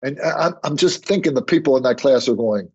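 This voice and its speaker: Older guy telling work stories on a podcast, slightly husky, muffled lo-fi sound. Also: mid-range voice, a little fast. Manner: storytelling, animated when quoting others. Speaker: podcast guest. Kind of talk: conversational interview. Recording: muffled lo-fi remote audio.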